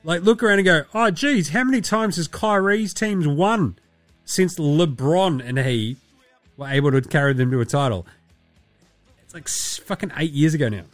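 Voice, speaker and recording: Loose, sweary Australian podcast host. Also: male voice, fairly high pitch, expressive, normal speed, no echo, faint music behind. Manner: loose, profane, laughing, rambling. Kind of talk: casual sweary podcast chat.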